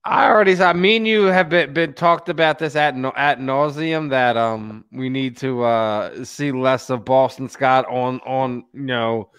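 A man's voice: mid-range voice, unhurried, few pauses, fairly bright tone, clear, resonant tone, no echo. A man with a mid-range voice talks sports casually, tripping over his words and repeating them, with laughs worked in between. The recording is dry and close. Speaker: sports podcast co-host.

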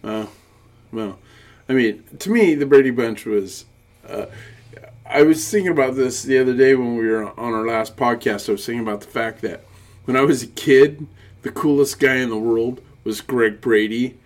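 A man's voice: mid-range voice, normal speed. A man co-hosting a podcast in casual chat, reminiscing and quoting old TV shows. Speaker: podcast co-host.

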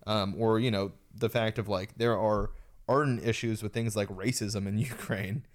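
Blunt, cursing podcast host, low voice. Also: male voice, steady tone, normal speed. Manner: blunt and profane, mocking voices when quoting people. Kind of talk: casual podcast chat.

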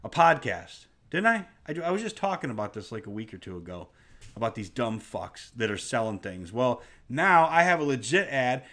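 A man's voice: mid-range voice, sing-song, moderate pace, fairly bright tone. A middle-aged man hosting a podcast, ranting bluntly and swearing a lot in an exasperated way. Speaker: podcast host. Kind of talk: casual profane rant.

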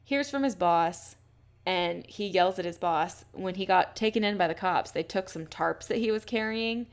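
Gravelly-voiced woman telling a crime story. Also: lowish voice, moderate pace. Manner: blunt and swears often, reads quotes aloud. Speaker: podcast host. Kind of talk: casual true-crime storytelling.

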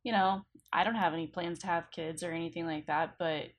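A woman in casual podcast chat, speaking in a relaxed, wry way that trails off softly. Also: lowish voice, a little fast.

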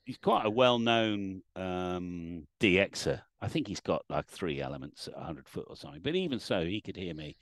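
Middle-aged man, livestream guest, acts out quotes, low voice, dry close sound. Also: normal speed, hardly any pauses, dry recording. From England. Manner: animated storyteller, acts out quotes. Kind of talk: casual livestream chat.

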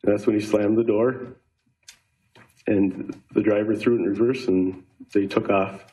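A man testifying in court, recounting events in a halting, shaken way with repeated words. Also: lowish voice, steady tone, mellow, low-quality recording.

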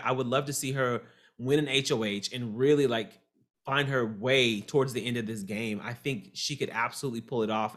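A man in casual podcast chat, gossiping about a TV show. His voice sits in an ordinary middle pitch. He talks in an animated, sassy way and mocks people by quoting them. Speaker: podcast co-host.

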